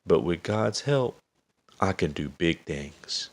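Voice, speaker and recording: A man's voice: low-pitched, lively intonation, slow pace, full character voice. A man doing a brave, earnest shepherd boy. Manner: earnest, determined.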